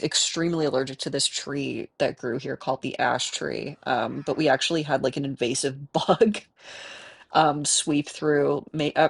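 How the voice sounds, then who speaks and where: A woman from the Midwest with a cold, chatting casually and rambling while she plays a game, talking to the animals on screen. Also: low-pitched. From American Midwest. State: has a cold. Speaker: gaming streamer. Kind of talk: casual gameplay chat.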